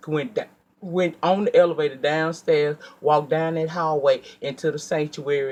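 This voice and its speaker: A man telling a personal story in a casual storytime monologue, animated and profane, acting out his own heated outbursts and then dropping to a quiet, earnest tone when he reflects. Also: mid-range voice. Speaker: storyteller vlogger.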